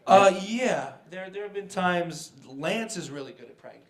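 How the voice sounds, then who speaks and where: A man's voice: high voice, normal speed. A man in his forties, a celebrity guest on a convention panel, telling stories with laughs and acted-out quotes. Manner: animated, laughing storyteller who acts out quotes. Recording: echoey convention hall.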